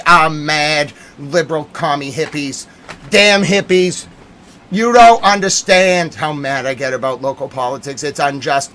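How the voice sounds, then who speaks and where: A man hosting a live stream, ranting in theatrical mock outrage and swinging between shouted lines and muttered asides. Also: a little high, unhurried. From Massachusetts. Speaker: livestream host.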